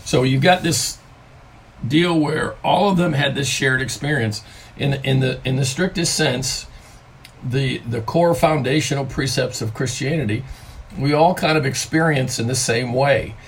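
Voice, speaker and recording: A grandfather who is a pastor gives a conversational devotional talk from his home, slowing down on key words to stress them. His voice sits at medium pitch, with slight background noise.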